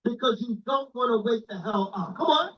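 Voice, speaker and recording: A man's voice: extremely high pitch, animated, a little fast. A man teaching scripture in an informal, blunt and profane way, very emphatic. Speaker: religious teacher. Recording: dull lo-fi sound.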